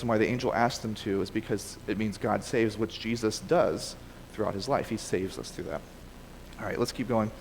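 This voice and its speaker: A man gives a relaxed, conversational sermon in a church sanctuary at a middle pitch. He often restarts his sentences and corrects himself as he goes. His voice carries a long hall reverb over faint background noise. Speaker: preacher. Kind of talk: casual sermon with scripture reading.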